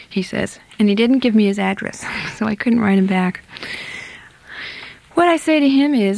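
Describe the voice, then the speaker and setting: A woman hosting a call-in radio show, reading listener letters aloud in a measured, deliberate way. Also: medium pitch, animated, creaky, darkish tone, no echo, poor audio. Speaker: radio host.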